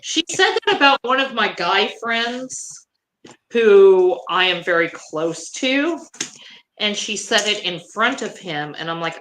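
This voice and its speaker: Brash, bright-voiced woman telling a story. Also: mid-range voice, expressive, slow pace, a little hiss or hum. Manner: brash, blunt, swears freely. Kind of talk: casual chat, storytelling.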